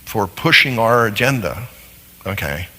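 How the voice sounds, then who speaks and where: A man's voice: fairly low pitch, sing-song, a little slow, pushed and bright. A man teaching a lesson on marriage who often asks his listeners rhetorical questions. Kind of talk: lecture on marriage. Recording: long hall reverb.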